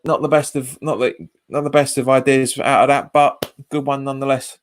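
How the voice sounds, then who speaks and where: A man's voice: mid-range voice, flat delivery, moderate pace, smooth. A man hosts a live football watch-along. He chats casually, repeats his phrases and reads viewer comments aloud. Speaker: fan channel host.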